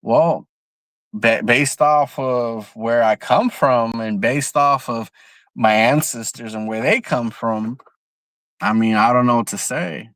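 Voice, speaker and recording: A man's voice: mid-range voice, takes it slowly, fairly bright tone, no echo. A young man from San Jose, California, ranting bluntly and profanely on a casual livestream, often repeating himself, speaking outdoors. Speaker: livestream host.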